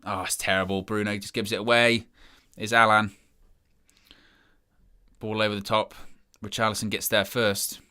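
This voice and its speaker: Bright, clear-voiced dejected football host. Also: male voice, on the low side, little pitch movement, moderate pace, pauses often. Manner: dejected, rambling, self-mocking. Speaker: match watch-along host. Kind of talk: live football watch-along commentary.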